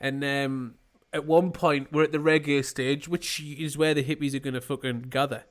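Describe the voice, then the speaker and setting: A man's voice: fairly high pitch, level tone, moderate pace. A young man co-hosting a podcast, telling sweary, laughing stories in casual chat. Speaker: podcast co-host.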